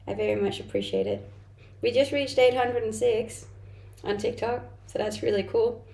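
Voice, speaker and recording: A young Danish woman, a streamer and content creator, chats casually on a livestream in a mixed, Danish-tinged English accent. Her fairly high voice is mellow, with huge pitch swings at normal speed, and she reads her chat aloud and answers with light laughs. The recording has a roomy echo.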